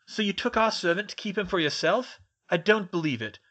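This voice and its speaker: A man's voice: on the high side, animated, normal speed, fairly bright tone. A man voicing a haughty, menacing aristocratic wizard father who sneers and hisses. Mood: outraged. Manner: haughty and sneering, hissing at times.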